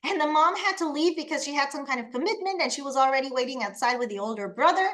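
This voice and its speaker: A woman from Panama, presenting a webinar and telling lively personal anecdotes. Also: high-pitched, quick pace. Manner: animated storytelling, acts out quoted voices.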